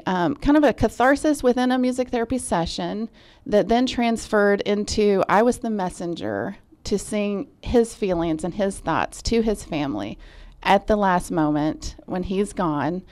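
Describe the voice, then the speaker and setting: A woman music therapist speaks on a radio interview with a mid-range voice. She recounts a patient's story gently and reflectively. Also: mid-range voice.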